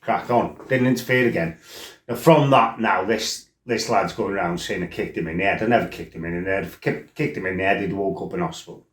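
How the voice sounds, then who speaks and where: A middle-aged man with a somewhat low voice tells stories from his past in a blunt, rambling way, often stopping to check that the listener is following. His voice bounces around a roomy space, which gives it a noticeable echo. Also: fairly quick. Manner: blunt and rambling, with frequent "you know" and "right?". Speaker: former kickboxer telling his life story. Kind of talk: casual spoken storytelling.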